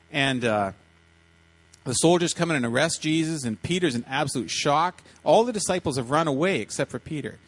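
Animated man telling a sermon story. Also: mid-range voice. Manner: animated, repeats words, acts out quotes. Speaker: pastor speaking to children.

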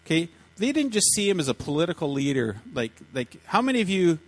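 Animated man telling a sermon story. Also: on the high side, a little fast. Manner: animated, repeats words, acts out quotes. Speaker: pastor speaking to children.

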